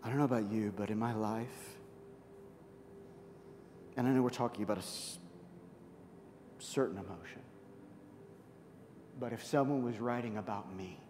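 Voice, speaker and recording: A man's voice: moderate pace, long pauses, a little hiss or hum. Man preaching in a reverberant hall. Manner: dramatic, swings from loud and high to soft and hushed. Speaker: pastor. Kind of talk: sermon.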